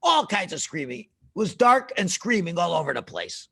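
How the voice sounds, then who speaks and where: A rabbi telling a lesson story to children over a video call, dramatic and full of questions to the kids. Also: male voice, high-pitched, big pitch swings, normal speed, vocal fry, few pauses, fairly bright tone, husky, no room sound, shouting, clean studio sound.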